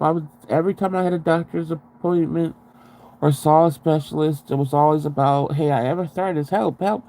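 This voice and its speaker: A man telling his own story in a casual interview, frank and halting, with blunt swearing. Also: on the high side, creaky, dark tone, low-quality recording.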